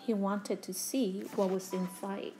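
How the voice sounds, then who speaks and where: A woman teacher reading a children's picture book aloud to her pupils, slow and expressive. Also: mid-range voice, slight background noise, low-quality recording. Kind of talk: children's storybook read-aloud.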